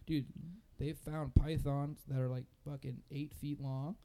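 A man's voice: medium pitch, little pitch movement, a little slow, warm tone. A young man co-hosting a podcast in casual chat, rambling and profane with many fillers. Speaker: podcast co-host.

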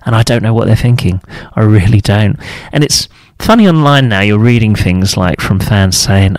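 Ranting football fan man, dry sound. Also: dry recording. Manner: frustrated, ranting, mocks other fans in high put-on voices. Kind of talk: opinionated solo talk to camera.

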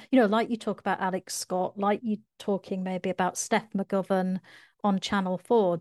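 A woman hosting a podcast, asking her guest measured, deliberate questions. The sound is dry and close, with no room echo at all. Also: mid-range voice, mellow. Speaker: podcast host. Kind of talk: interviewing a guest.

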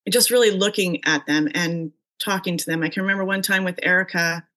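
A woman's voice: fairly low pitch, a little fast. A middle-aged woman, a mother who also coached youth sports, chatting on a podcast as the guest and acting out remembered dialogue as she tells stories. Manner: animated storyteller, acts out quoted dialogue. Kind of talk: casual podcast conversation.

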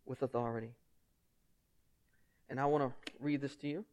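A man's voice: mid-range voice, steady tone, moderate pace, a little mellow. A male pastor preaching a sermon in a conversational, emphatic way, often asking the congregation rhetorical questions.

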